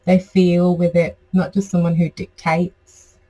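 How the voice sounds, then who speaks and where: Mellow, rambling tarot reader. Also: mid-range voice, monotone, a little slow, poor audio. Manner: chatty and rambling, many fillers. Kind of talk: casual tarot reading to camera.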